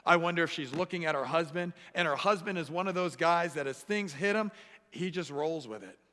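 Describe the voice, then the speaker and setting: A man preaching a sermon as pastor, animated and acting out the voices he quotes. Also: on the high side, brisk. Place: church sanctuary. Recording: echoey church hall.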